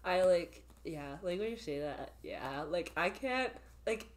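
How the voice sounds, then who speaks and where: With some background noise behind her, a young Canadian podcast guest in her twenties talks casually at a measured pace. Her voice sits on the low side and is expressive, and she laughs often, rambles, and leans on filler words.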